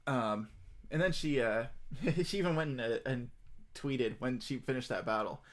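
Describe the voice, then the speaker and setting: A man streaming and chatting casually, rambling with many fillers and bursts of excitement. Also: medium pitch, moderate pace.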